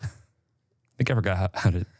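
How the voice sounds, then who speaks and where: A man's voice: low-pitched, fast talker, darkish tone, no echo. A man, a podcast co-host, who jokes in a dry, sarcastic way and swears freely. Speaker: podcast co-host, spelling bee contestant. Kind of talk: casual comedic chat.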